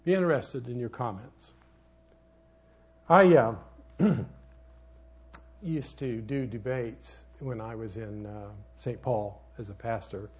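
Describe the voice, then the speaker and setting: An older man preaching a sermon as a pastor, folksy and rambling, with sudden loud outbursts in his storytelling. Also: medium pitch, slow pace, long pauses, slightly rough.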